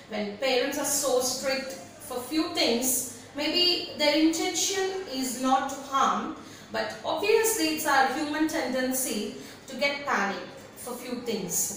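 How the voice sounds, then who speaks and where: A woman teaches an online class at an unhurried pace, with a high, bright voice. She repeats key words patiently and tells students what to underline. She sits away from the mic in a very echoey room with a faint hiss behind her. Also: far from the mic. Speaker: English teacher. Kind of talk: online class lesson explaining a story.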